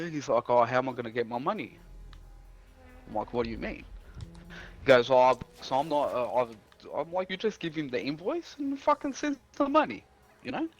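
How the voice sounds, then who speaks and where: A man's voice: medium pitch, lo-fi sound. Casual swearing man telling stories. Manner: rambling, swears a lot, acts out quoted dialogue. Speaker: streamer and house painter. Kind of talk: casual storytelling chat.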